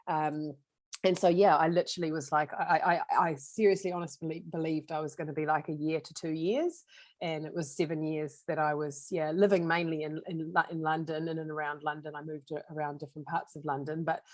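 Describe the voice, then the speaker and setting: A woman with a New Zealand accent speaks in a low voice with a dry, close sound. She is in her forties and is a guest on a podcast. She talks in an animated, rambling way with many restarts. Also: dry recording. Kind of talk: casual interview talk.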